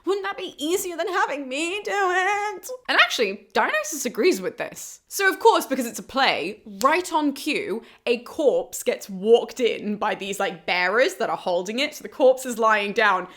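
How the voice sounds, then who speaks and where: A woman host retelling an ancient comedy in a casual, animated way, laughing often as she goes. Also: on the high side, normal speed, hardly any pauses.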